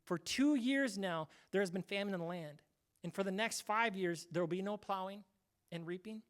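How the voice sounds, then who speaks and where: A man's voice: high voice, a bit bright. A male pastor giving a casual, conversational sermon, acting out short quoted voices now and then.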